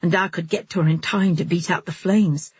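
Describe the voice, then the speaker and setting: An anxious young brother speaks with fervent urgency, as a woman reads him. The voice is breathy and fairly low. It is recorded close and dry, as for an audiobook. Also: steady tone, fairly quick, a little mellow, no echo. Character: anxious young man, brother, quick and intense.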